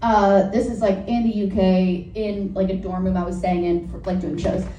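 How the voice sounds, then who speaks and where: A woman's voice: medium pitch, flat delivery, normal speed, dark tone, muffled recording. A woman doing a crude, rambling stand-up set, often interrupting herself and laughing at her own jokes. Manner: frank, crude, filler-heavy. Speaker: stand-up comedian. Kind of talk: stand-up set, work in progress. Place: live comedy venue with audience. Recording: roomy, distant live recording with faint noise.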